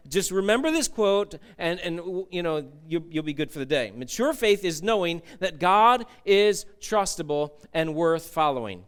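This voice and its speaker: A man's voice: high voice, animated, moderate pace, few pauses, clean tone. A man preaching a sermon as pastor, conversational, repeating key phrases and putting questions to the congregation. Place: church.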